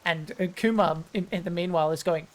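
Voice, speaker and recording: A woman running a tabletop game as game master, narrating in a relaxed, hesitant way with many ums. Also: lowish voice, fairly quick.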